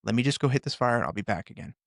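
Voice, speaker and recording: An earnest middle-aged man tells his story in a gravelly voice, stopping and starting as he goes. He sits close to the mic, with a dry sound. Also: mid-range voice, lively intonation, dry recording. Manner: earnest, halting, with many restarts. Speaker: podcast guest, firefighter and author. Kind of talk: storytelling in a conversation.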